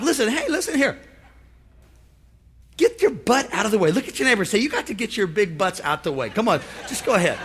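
A man preaching a lively sermon, calling for amens and acting out the voices of the people in his stories. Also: sits high, a little fast, slightly rough. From United States. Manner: lively preaching, calls for amen, acts out voices. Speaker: pastor.

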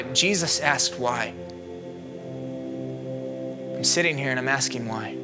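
A man preaching a sermon as a minister, moving from hushed reflection to loud, pleading questions. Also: medium pitch, slow pace, over loud music.

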